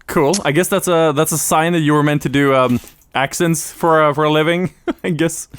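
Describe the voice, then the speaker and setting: A man's voice: fairly high pitch, fairly even intonation, normal speed, clean tone. A young man from Sweden with a light Swedish accent in English, co-hosting a podcast in a hesitant, self-deprecating way. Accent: light Swedish, mostly American-sounding English. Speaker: podcast co-host. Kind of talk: casual chat.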